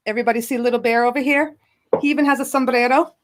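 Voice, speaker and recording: A chatty woman hosts a casual livestream. Her voice sits a little high, and she greets viewers by name with quick laughs between the chatter. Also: fairly even intonation. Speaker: livestream host. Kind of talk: casual live chat.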